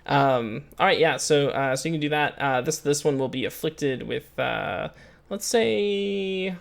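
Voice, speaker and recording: A man narrates as the game master of a tabletop game, speaking haltingly with many fillers and restarts. His voice is mid-range with vocal fry.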